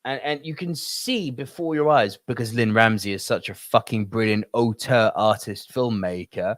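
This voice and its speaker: A man's voice: mid-range voice, moderate pace, no echo. Emphatic swearing man on a podcast. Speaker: podcast co-host. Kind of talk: casual film discussion.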